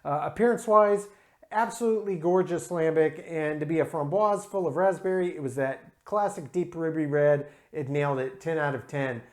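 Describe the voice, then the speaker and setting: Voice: medium pitch, moderate pace. A host reviewing craft beer in a casual talk to camera, enthusiastic and methodical, scoring each category aloud with frequent "uh" and "um" fillers.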